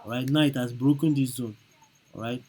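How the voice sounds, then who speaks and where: A man's voice: mid-range voice, fairly even intonation, a little fast, warm tone, a little hiss or hum, rough recording. A man teaching chart trading over a screen recording, repeating each point and checking in with "okay?" and "right?". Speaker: trading instructor.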